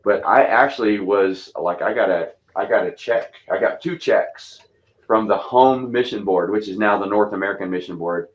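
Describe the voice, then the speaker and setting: This is a fifties-aged pastor from Texas, low-voiced with a light twang, recounting church mission stories at a normal speed. The recording is muffled, and his relaxed, rambling delivery loops back through fillers and restarts.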